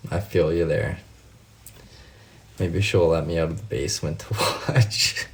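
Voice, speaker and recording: A man's voice: low voice, steady tone, measured pace. A man, chatting casually on a late-night livestream, answering viewers by name, laughing often and swearing freely. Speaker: livestream host.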